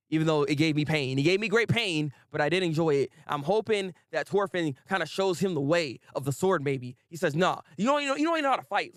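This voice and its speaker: A young man with a fairly high voice runs a relaxed anime review stream, animated and quick to laugh as he chats with his viewers. The sound is dry and close, with no room around it. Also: dry recording. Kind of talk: casual livestream commentary.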